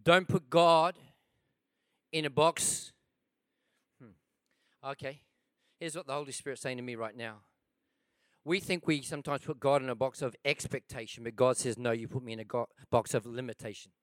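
Smooth-voiced preacher man, dry close sound. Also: mid-range voice, normal speed, long pauses, fairly bright tone, no echo. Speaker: pastor. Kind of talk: sermon.

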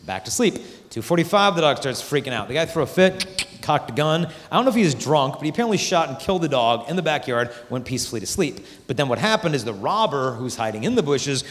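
Animated man speaking in a reverberant hall. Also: mid-range voice. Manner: animated, acts out quoted voices. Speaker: Catholic speaker. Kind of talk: youth conference talk. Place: large conference hall. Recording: hall reverb from a large venue.

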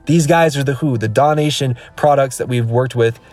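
A man's voice: medium pitch, normal speed, a little mellow, soft background music. A man in his thirties, a podcast host, giving an emphatic, rambling motivational rant from his car, recorded on a phone. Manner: emphatic, repetitive, rambling with restarts. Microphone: iPhone.

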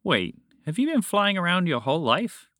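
A man's voice: high-pitched, sing-song, moderate pace, fairly bright tone, no room sound, clean studio sound, voice pushed up. A man voicing a curious, polite young girl in a storybook podcast. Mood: confused. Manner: questioning, polite.

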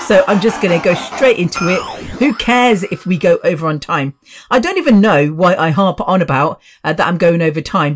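A woman in her fifties hosting her own podcast, chatty and rambling with asides. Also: on the low side. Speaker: podcast host. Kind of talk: casual solo podcast chat.

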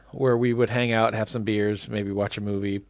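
A man's voice: lowish voice, little pitch movement, unhurried, gravelly, dry recording. A man in his forties co-hosting a casual movie chat podcast, wry and conversational. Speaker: podcast co-host.

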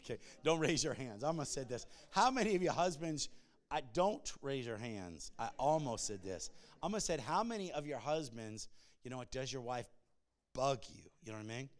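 A male pastor preaching to a congregation, emphatic and animated, swinging between loud shouts and hushed, near-whispered passages. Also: medium pitch, brisk. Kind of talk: sermon. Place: church before a congregation.

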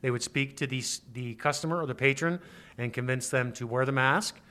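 A male lawyer explaining rules in an interview, speaking in a measured, precise and formal way. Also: medium pitch, sharp tone. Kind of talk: expert interview.

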